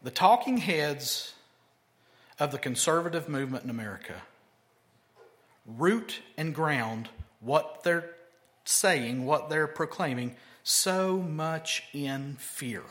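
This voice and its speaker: A man's voice: on the high side, lively intonation, slow, a bit bright. A male pastor preaching a sermon conversationally, with emphatic rhetorical questions.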